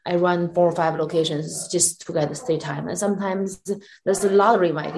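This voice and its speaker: A woman comedian with a notably low voice talks candidly in a relaxed interview. Her delivery is blunt and frank, the way a stand-up tells it. The sound comes through a video call. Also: brisk, low-quality recording. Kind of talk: casual interview answer.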